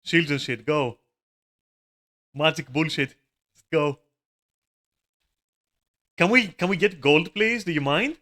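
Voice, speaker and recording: A man's voice: on the high side, expressive, slow pace, long pauses, bright, forceful tone. A man giving live gameplay commentary, swearing often, laughing and exclaiming in dismay. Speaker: gamer streaming a raid.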